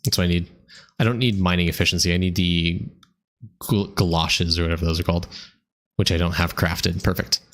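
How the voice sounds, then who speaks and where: A young American man streaming a game, rambling and thinking aloud in a halting way. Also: sits low, fairly even intonation, a bit bright. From United States. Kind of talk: casual gameplay commentary.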